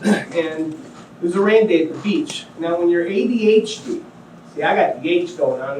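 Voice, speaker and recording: A middle-aged man from Ohio, appearing as a guest speaker, gives a testimony talk telling his life story to a small audience, acting out the people in it and making jokey asides. His voice is a bit high for a man. He sounds far from the mic in a small, echoing room with slight background noise.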